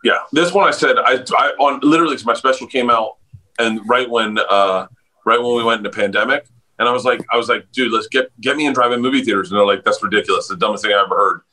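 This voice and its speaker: A man, a comedian guest on a podcast, telling stories over a video call with lots of laughter and excited jumps in pitch. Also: quick pace, poor audio. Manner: loud storyteller, laughs a lot, jumps up in pitch when excited. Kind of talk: casual podcast chat.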